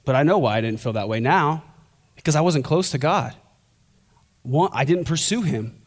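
A man's voice: on the high side, animated, moderate pace. A young man preaching a sermon as a pastor, conversational and joking, then building to fervent intensity.

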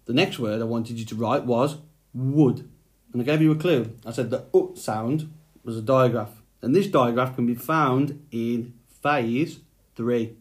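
A man teaching a phonics lesson to young children, speaking patiently and sounding out letters one by one. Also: mid-range voice.

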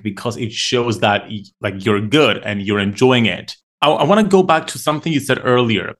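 A man's voice: medium pitch, a bit bright. A man hosting a podcast, asking probing follow-up questions in a casual, slightly stumbling way. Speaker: podcast host. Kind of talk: casual interview.

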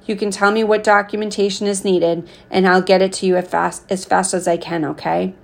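A woman reading a caring, firm father's lines as he calmly advises his young son. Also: medium pitch, a little fast, creaky. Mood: advising. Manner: calm, steady advice.

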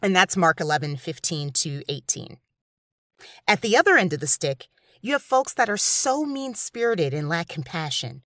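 A woman's voice: lowish voice, sing-song, normal speed, a bit bright, dry recording, studio quality. A woman giving a scripted devotional talk that quotes scripture, earnest and emphatic. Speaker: Christian speaker.

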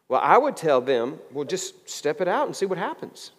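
Animated preaching man in a reverberant hall. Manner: preaching with lively swings in pitch, slowing down on scripture readings. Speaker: pastor. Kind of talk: sermon.

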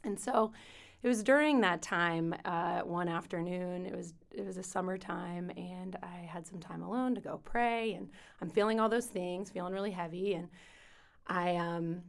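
A woman guest, a teen minister, telling a personal faith story on a podcast in a soft, reflective way with pauses. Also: on the low side, vocal fry.

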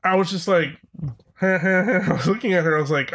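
A man co-hosting a casual chat, telling a story in a relaxed, wry way. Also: sits high, moderate pace. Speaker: podcast co-host.

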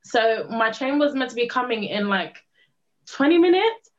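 A woman's voice: a little high, normal speed. Laughing young woman telling a story. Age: young adult. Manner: laughs often, animated and self-dramatizing. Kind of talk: casual storytelling. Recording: slightly dull lo-fi sound.

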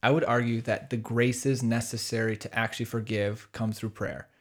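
A man with a medium-pitched voice hosts a podcast about faith. He sounds friendly and enthusiastic. He often restarts his sentences mid-thought. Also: flat delivery, moderate pace. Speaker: podcast host. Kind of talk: conversational discussion of faith.

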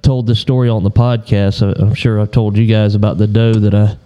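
A man on a podcast telling a hunting story in a relaxed, rambling way, often clearing his throat. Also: fairly low pitch, a little fast, dull audio. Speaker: podcast co-host.

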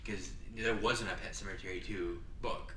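A man's voice: low-pitched, fairly even intonation, normal speed, pushed and bright, slight background noise. A young man co-hosting a podcast, stumbling over restarts and trailing off. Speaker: podcast co-host. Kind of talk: casual chat. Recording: distant, echoey room.

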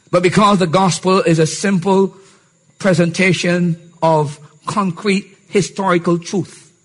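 Husky, high-voiced man preaching emphatically. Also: a bit bright. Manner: emphatic preaching with rhetorical questions; repeats a refrain for emphasis. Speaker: pastor. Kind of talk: sermon.

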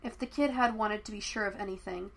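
A woman narrating fan fiction as an audiobook, telling the story in a steady, even way. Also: mid-range voice, brisk, creaky.

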